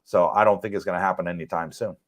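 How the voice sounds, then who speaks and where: A man's voice: sits low, steady tone, quick pace. A middle-aged man with an English accent, hosting a casual livestream and reading out viewer comments in a chatty, teasing way. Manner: chatty, teasing, laughs often.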